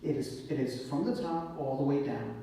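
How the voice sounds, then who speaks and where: A police officer, talking emotionally and apologetically on a live panel. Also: male voice, medium pitch, dark tone. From the Bronx, New York. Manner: emotional, apologetic, rapid bursts. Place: event hall. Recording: echoey hall, distant mic, faint hiss.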